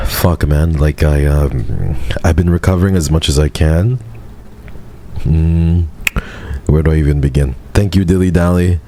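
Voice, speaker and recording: Male streamer with a very deep, dark voice, soft and flat, easing a sore throat. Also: unhurried, a little hiss or hum. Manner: soft-spoken and subdued, flat monotone delivery. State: sore throat, speaking gently to spare it. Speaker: VTuber streamer. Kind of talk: casual livestream chat.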